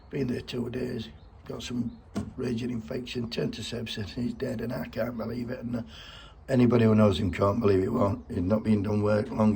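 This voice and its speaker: A man's voice: medium pitch, vocal fry, a little mellow, slight background noise. A middle-aged man giving a blunt, heartfelt spoken tribute and swearing freely.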